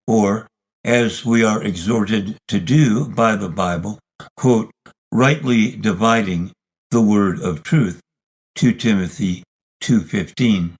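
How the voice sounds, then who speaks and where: A man reading a scripted lesson narration in a measured, deliberate, argumentative way. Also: fairly low pitch, husky, poor audio. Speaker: video series narrator.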